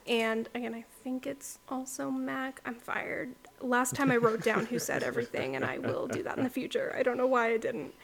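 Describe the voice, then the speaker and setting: High-voiced chatty woman podcaster. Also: moderate pace, gravelly, few pauses. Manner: chatty, rambling, says "like" often. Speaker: podcast co-host. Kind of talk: casual book club chat.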